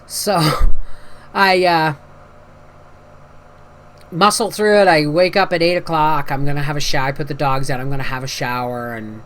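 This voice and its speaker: A woman's voice: low-pitched, fairly even intonation, moderate pace, long pauses, fairly bright tone. A woman talking casually to camera as a homestead vlogger, a chatty storyteller who acts out the voices in her anecdotes and sounds tired after a night with a migraine.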